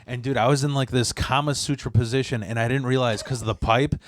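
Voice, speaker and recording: A man's voice: mid-range voice, fairly even intonation, quick pace. A man from the Chicago area telling crude work stories in casual talk, cursing often and restarting his sentences. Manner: profane, rambling with many restarts. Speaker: podcast guest. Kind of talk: casual storytelling.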